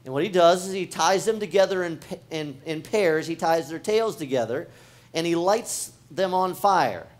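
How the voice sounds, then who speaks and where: A man's voice: on the high side, lively intonation, normal speed. A man, a pastor, preaching a sermon in a casual, conversational way, talking straight to the congregation and often restarting his phrases. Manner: talks directly to the congregation.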